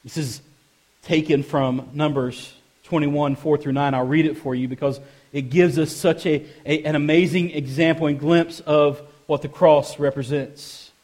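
A man preaching a sermon in a church service and reading scripture, swinging from soft, low asides to loud, emphatic passages, with repeated phrases for emphasis. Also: steady tone, measured pace. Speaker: pastor.

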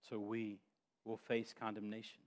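A male pastor preaching a sermon, dropping quiet and then rising loud and emphatic. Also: lowish voice, monotone, a little slow.

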